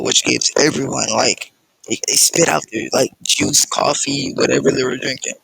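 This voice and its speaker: Casual reader: a man, very gravelly, husky, reads a fan story haltingly. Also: mid-range voice, animated, a bit bright, no echo, low-quality recording. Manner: halting, with fillers and restarts. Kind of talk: casual fan-fiction reading.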